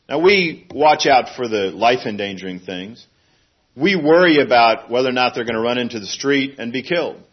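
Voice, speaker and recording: A middle-aged man preaching a sermon in a plain, earnest way, now and then acting out a fussing parent in a sudden high voice. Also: slightly rough, dull audio.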